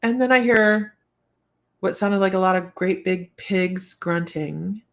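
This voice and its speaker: A woman's voice: medium pitch, takes it slowly. A woman hosting a casual live stream as a psychic reader, telling rambling stories and laughing often. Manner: rambling, chatty, laughs often, many fillers. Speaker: psychic reader and show host.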